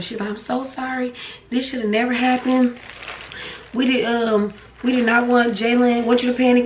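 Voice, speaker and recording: A young woman, telling a story casually while eating, acting out voices with sharp pitch jumps. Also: roomy sound, slight background noise. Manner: animated storytelling, acts out dialogue with pitch jumps. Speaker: vlogger. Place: home room.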